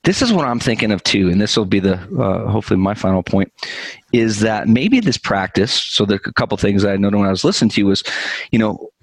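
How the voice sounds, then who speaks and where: A man's voice: fairly low pitch, expressive, quick pace, breathy edge, no echo, poor audio. A man hosting a podcast, talking in a reflective, conversational way about his practice. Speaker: podcast host.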